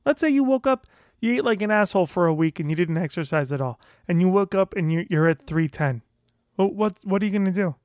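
A man's voice: sits high, animated, fast talker, darkish tone, no echo, studio quality. A man hosting his own podcast, delivering a profane, fired-up pep talk to himself in a monologue, often stumbling over and repeating words as he pushes on. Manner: profane, fired-up self-motivating rant; repeats and restarts words when worked up. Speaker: podcast host.

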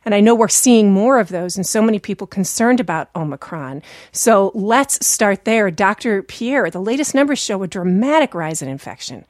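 A woman hosting a public radio talk show from home, her voice scratchy from a recent illness, conversational and brisk as she introduces guests and questions. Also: mid-range voice, lively intonation, no echo, clean studio sound. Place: home studio.

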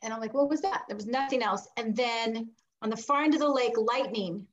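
A woman's voice: on the high side, a little fast, lo-fi sound. A middle-aged woman, a guest in an interview, telling a personal story with animation and acting out the voices she quotes. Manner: animated, acts out quoted voices, laughs between lines.

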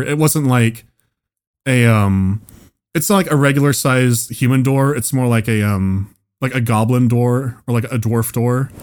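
Male podcast co-host, mid-pitched, rambling comic storyteller who swears and laughs a lot. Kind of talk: casual comedic storytelling.

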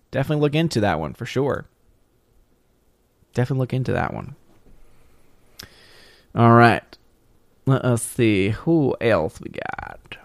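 A man's voice: medium pitch, very animated, measured pace, long pauses, no echo. Man, livestream host, casual rambling chat, reads comments aloud, dry close sound.

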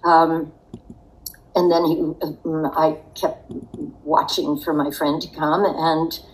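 An older woman, a guest on an interview show, telling a personal story in a reflective way with soft laughs. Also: low voice, level tone, slow, poor audio. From United States.

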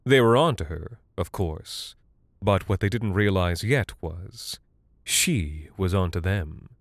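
A man narrating a dark literary story in a measured, deadpan way. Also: low-pitched, no echo, studio quality.

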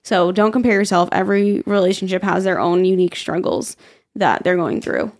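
A young woman with a Long Island accent, co-hosting an advice podcast in animated, casual chat with frequent swearing. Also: lowish voice. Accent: Long Island New York. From Long Island, USA. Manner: animated, swearing, quick laughs. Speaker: podcast co-host.

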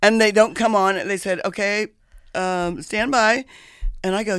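A woman spins a story with animated, dramatic energy, dropping swear words freely. Her voice sits at an ordinary pitch for a woman. The sound is dry and close, with no room echo. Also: moderate pace, clean tone. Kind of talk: casual storytelling chat.

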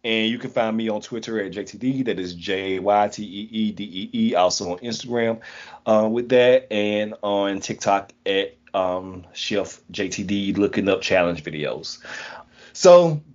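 Podcast host guy, lowish voice, laid back, kinda muffled audio. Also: darkish tone. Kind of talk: casual podcast sign-off.

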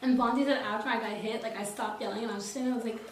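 High-pitched young woman telling stories. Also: very fast, slight background noise. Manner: animated, full of "like", acts out quotes. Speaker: podcast guest. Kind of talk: casual storytelling chat.

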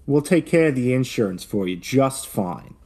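A man's voice: mid-range voice, expressive, moderate pace, mellow, natural voice. A man playing a clumsy, flustered man who stammers and gets defensive in a tabletop role-play game.

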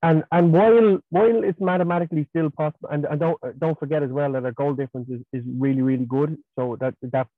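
A man co-hosting a football podcast, talking in a measured, agreeable way over a remote line. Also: on the high side, fairly even intonation, no echo. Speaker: podcast co-host. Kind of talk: casual football chat. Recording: tinny phone-like remote line.

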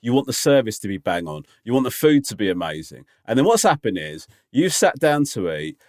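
A man's voice: fairly low pitch, big pitch swings, a little fast, darkish tone, dry recording, studio quality. A man co-hosting a podcast, chatting casually and teasing his co-host with mock-scolding banter. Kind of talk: casual chat.

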